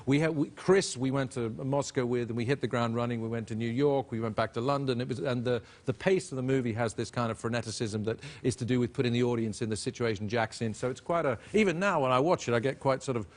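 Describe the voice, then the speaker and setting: Male actor-director guest, mid pitch, earnest and rambling. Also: quick pace, few pauses. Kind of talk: talk show interview.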